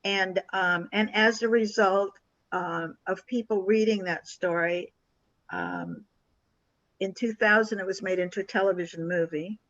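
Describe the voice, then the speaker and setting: An older woman, a guest on an interview show, telling a story in a lively, animated way and acting out the people in it. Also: mid-range voice, a little slow, dry recording, lo-fi sound. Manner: animated storyteller who acts out quoted dialogue.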